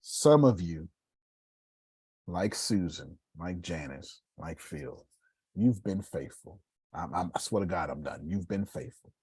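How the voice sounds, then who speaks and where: A man giving a casual, preacherly motivational talk on live video, swinging between loud bursts and hushed asides. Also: sits low, expressive, slow, breathy edge, dry recording.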